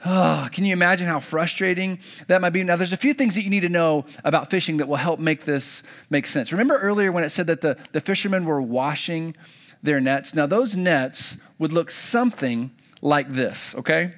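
A man's voice: fairly high pitch, moderate pace, fairly bright tone. A young adult man preaching a sermon to kids, telling a story and acting out the characters' lines. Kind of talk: children's sermon.

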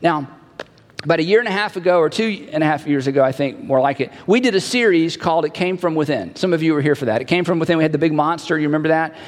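High-voiced male pastor in a reverberant hall. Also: quick pace. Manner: conversational, repeats key phrases, acts out quoted dialogue. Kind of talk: sermon.

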